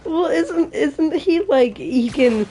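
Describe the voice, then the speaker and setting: Slow, giggly woman spinning silly stories. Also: high voice, lively intonation, mellow, slight background noise. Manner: giggly, absurd storytelling, frequent laughter. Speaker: co-streamer. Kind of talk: casual joking banter over gameplay.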